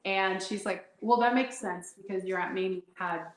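A woman guest telling personal stories in a conversation, animated and laughing often as she acts out what people said. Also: medium pitch, moderate pace, roomy sound, rough recording. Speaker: intuitive guest. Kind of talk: storytelling in a conversation.

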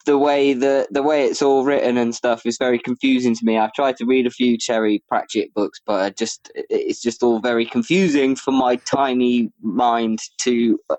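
A man's voice: medium pitch, steady tone, normal speed, darkish tone, no echo. A man co-hosting a casual film review podcast, mostly giving short laid-back replies with the odd crude joke. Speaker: podcast co-host.

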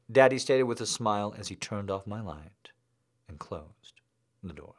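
Animated low-voiced male comedy host. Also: a little slow. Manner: animated, rambling, self-deprecating. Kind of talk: live comedy reading of a story and show sign-off.

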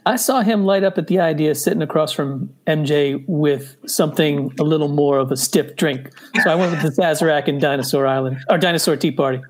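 A man talking in a thoughtful, measured way as a panelist in a casual group chat. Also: fairly high pitch. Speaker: panelist and scorekeeper.

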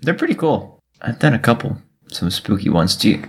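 A man's voice: fairly low pitch, moderate pace, husky. A man in his twenties co-hosting a podcast, chatting casually and joking with frequent laughter. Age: 20s. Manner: joking, laughs often, animated. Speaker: podcast co-host. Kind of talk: casual chat.

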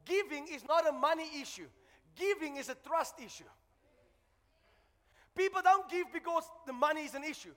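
A man preaching a sermon as pastor to his congregation, building to shouted exhortations and dropping to chatty asides. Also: extremely high pitch, in a large hall. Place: church.

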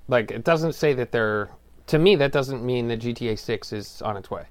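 A man's voice: medium pitch, normal speed, no room sound. Skeptical young man on a podcast. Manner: skeptical, hesitant with restarts. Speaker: podcast co-host. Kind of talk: casual gaming news chat.

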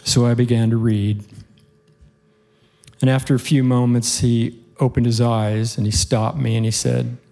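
A man's voice: mid-range voice, flat delivery, a little slow, vocal fry. A man preaching, telling a heartfelt story to his congregation in an earnest way. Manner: earnest, heartfelt storytelling with occasional soft laughs. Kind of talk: sermon storytelling.

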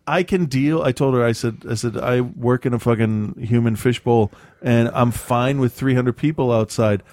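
A man's voice: medium pitch, darkish tone, no room sound. A man in casual chat, telling rambling, profane stories with a lot of restarts and self-mocking asides. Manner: halting with frequent restarts and ums.

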